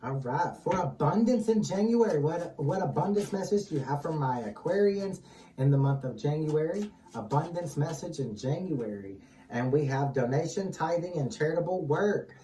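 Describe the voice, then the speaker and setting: A tarot channel host leading a reading, calm and steady, repeatedly calling on guides, angels and ancestors. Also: mid-range voice, moderate pace. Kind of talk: tarot reading, casual chat. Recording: echoey distant mic with music underneath.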